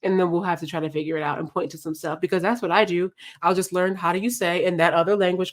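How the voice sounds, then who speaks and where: A woman's voice: lowish voice, fast talker, hardly any pauses, pushed and bright. A woman co-hosting a podcast in casual chat, laughing often and acting out quoted lines as she talks. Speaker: podcast co-host.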